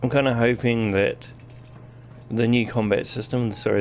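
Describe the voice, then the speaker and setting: A man's voice: medium pitch, steady tone, normal speed, slight background noise. A man with a New Zealand accent giving casual live-stream commentary while playing a game, chatting to his viewers as he goes. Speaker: gaming streamer.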